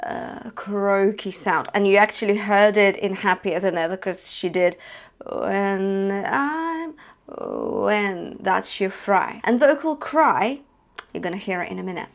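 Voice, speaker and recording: A woman leads an online vocal lesson at a mid-range pitch. She talks through singing techniques and slips into brief sung examples to show each one. She often checks in with her listener by asking "yeah?". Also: moderate pace. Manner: explains and sings short demos, checks in with "yeah?". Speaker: singing teacher.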